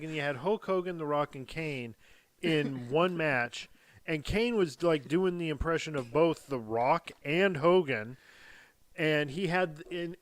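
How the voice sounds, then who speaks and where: A man with a slightly high voice hosts a casual wrestling podcast, heard on a dry recording. He tells stories animatedly, laughs often and slips into impressions.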